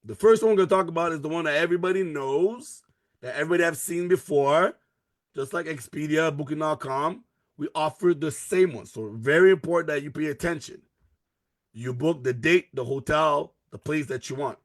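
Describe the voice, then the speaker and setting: A man's voice: brisk, dry recording. A man giving a live online sales presentation for a network marketing business, pushing hard and repeating his key lines. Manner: energetic, pushy sales pitch with repeated phrases. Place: at a computer, sharing his screen in a live video call.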